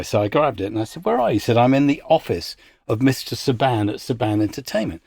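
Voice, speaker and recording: Male exec guest, anecdotal and lively, mid pitch, dry close mic. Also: fairly quick, creaky, no echo. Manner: anecdotal, animated when quoting others. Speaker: music industry executive, podcast guest. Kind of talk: casual storytelling interview.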